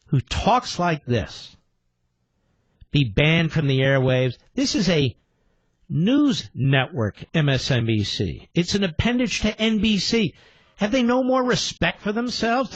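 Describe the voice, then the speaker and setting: An indignant male radio host drives a political talk show with emphatic repetition and rhetorical questions. His voice sits fairly high and swings with lively, animated pitch. The sound is dry and close, with a slightly dull broadcast quality. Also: no echo.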